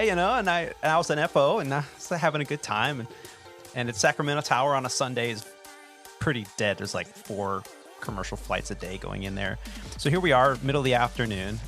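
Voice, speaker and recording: A man in his forties hosting a podcast and telling lively, laugh-filled stories, then reading a scripted show intro. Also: medium pitch. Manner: animated storyteller who laughs often. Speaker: podcast host and airline pilot. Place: home studio.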